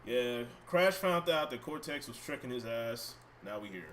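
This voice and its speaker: Animated man streaming a game, lively voice. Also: medium pitch, normal speed, slight background noise. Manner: animated, swears freely, banters with chat. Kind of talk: casual live-stream chat while playing. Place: home room. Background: game music.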